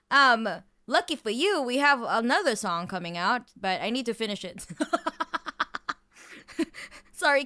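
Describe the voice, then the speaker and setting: A woman streamer talking casually to her audience with a bright, forceful voice. Her tone is smooth and crisp. She tells stories in an animated way, swears freely and leans on "like" as filler. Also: medium pitch. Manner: animated storytelling, heavy swearing, lots of "like" fillers. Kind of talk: casual chat.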